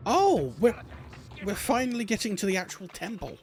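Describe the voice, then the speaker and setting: This man's voice is high, sing-song, and gravelly, delivered at a moderate pace. While game music plays behind him, he streams a video game with loose, rambling let's-play commentary, joking and commenting toward the game and the camera.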